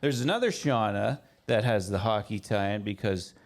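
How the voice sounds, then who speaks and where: A man co-hosting a podcast in casual chat, speaking in a friendly, halting way with many fillers. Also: lowish voice. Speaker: podcast co-host.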